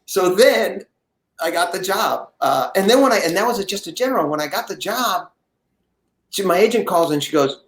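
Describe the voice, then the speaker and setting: A man telling a story as an interview guest, his slightly high voice bouncing in a roomy space. He keeps it animated and acts out the other people's lines as he goes. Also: normal speed. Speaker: guest actor.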